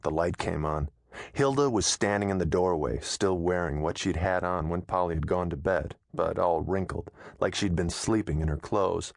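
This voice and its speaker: A man narrating an audiobook in a steady, measured storytelling manner, close to a studio mic. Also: low-pitched, creaky, no room sound.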